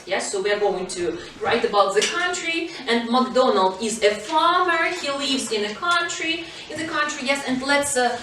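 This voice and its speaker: A woman's voice: high voice, a bit bright, very echoey, recorded from a distance, slight background noise, poor audio. A woman teaching an English lesson to schoolchildren, prompting pupils and switching to Russian to explain tasks. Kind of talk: classroom lesson. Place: school classroom.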